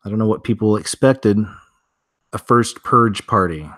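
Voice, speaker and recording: A man's voice: lowish voice, unhurried, fairly bright tone, no echo, clean studio sound. A man hosting a weird-news show, reading headlines aloud and then riffing on them in a chatty, offhand way. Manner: chatty, reads headlines then riffs with asides. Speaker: news commentary host. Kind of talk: casual news commentary.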